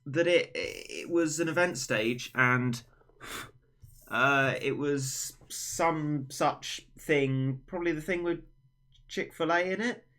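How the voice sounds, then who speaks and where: A man's voice: fairly high pitch, takes it slowly, bright, forceful tone. A young man hosting a livestream, chatting casually in a rambling, self-mocking way. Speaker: livestream host. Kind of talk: casual chat on a stream.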